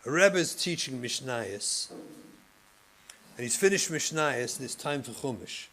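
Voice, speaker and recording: Man lecturing teachers, medium pitch voice, gets loud then goes quiet, really into it. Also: animated, takes it slowly, rough recording. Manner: passionate, acts out classroom scenes, swings between loud and hushed. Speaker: rabbi and therapist lecturing educators. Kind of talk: lecture on education and trauma.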